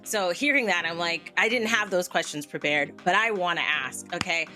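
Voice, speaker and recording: A woman's voice: on the low side, normal speed, bright, forceful tone, faint music behind. A woman hosting a podcast, asking questions in a chatty, gushing way with many fillers. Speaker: podcast host. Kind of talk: casual podcast interview.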